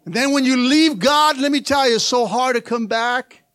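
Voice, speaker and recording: A middle-aged man preaching a sermon as pastor, swinging between quiet asides and loud rallying shouts, joking with the congregation. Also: very high voice, normal speed, no echo.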